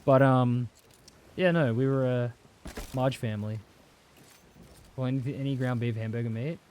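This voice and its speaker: Brief: young Australian guy, livestream gamer, mid-pitched voice, loose rambling chat full of swearing. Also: fairly even intonation, moderate pace, a little mellow, slight background noise. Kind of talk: casual chat while gaming.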